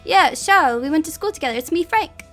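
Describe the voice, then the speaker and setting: An easygoing, heavyset young Geordie man who calls everyone "pet", put on by a woman reading a story aloud. The voice sits high for a man, and faint music plays underneath. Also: lively intonation, quick pace, fairly bright tone. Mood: friendly. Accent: Geordie, attempted.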